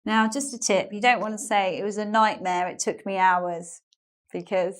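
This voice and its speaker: A British woman teaching English online, talking at an everyday middle pitch. Her delivery is chatty, and she keeps explaining phrases with examples and little asides. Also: steady tone, normal speed. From England. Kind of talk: online language lesson.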